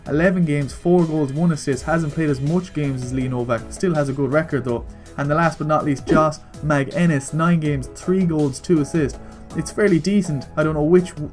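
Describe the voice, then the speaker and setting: A young man talks through his football video game in a fast, excitable way, cheering and groaning at every chance. His voice sits a little high for a man. He swears freely, and soft music plays faintly underneath. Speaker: gaming YouTuber. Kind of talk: casual gameplay commentary.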